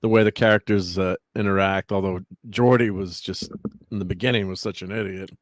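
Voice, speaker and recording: A low-pitched man chatting casually as a podcast co-host, rambling and laughing often. His voice is recorded dry and close, with little room sound. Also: steady tone, brisk, dry recording. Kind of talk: casual chat.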